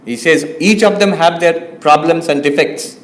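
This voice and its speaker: Emphatic man giving a spiritual lecture. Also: normal speed. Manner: emphatic, repeats "no, no, no"; swings from soft low asides to loud high stresses.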